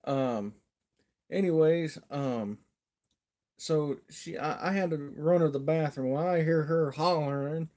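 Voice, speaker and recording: A man's voice: on the high side, slow pace, darkish tone. A man hosting a casual livestream, telling a rambling folksy story and chuckling often. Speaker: livestream host.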